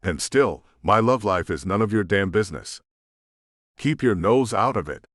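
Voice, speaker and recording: A male narrator reading a first-person romance audiobook with expressive, emotional delivery. His voice sits on the low side and moves lively through its pitch range. The recording is dry and close, without room sound. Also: moderate pace, no echo.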